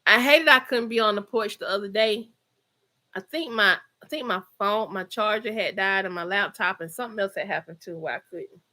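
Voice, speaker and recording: A woman's voice: mid-range voice, fairly quick, sharp tone. A middle-aged woman with a Georgia Southern accent, hosting a casual livestream and chatting with her viewers at home. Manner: chatty, laughs often, Southern slang. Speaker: livestream host. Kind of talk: casual chat reading live comments.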